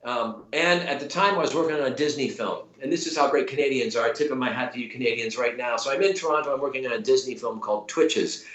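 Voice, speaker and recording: Animated man telling a story, roomy echo. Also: medium pitch, fast talker, hardly any pauses. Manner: animated, many restarts and quoted voices. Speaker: actor guest. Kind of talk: casual storytelling.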